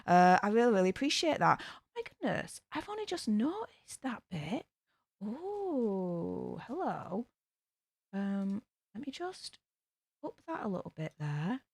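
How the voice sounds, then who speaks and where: A young adult woman from Yorkshire, England, hosts a YouTube livestream, bluntly and casually reading out super chats from fans and swearing freely. Her mid-range voice is very animated, a little slow and a little mellow with a breathy edge, and the recording is dry.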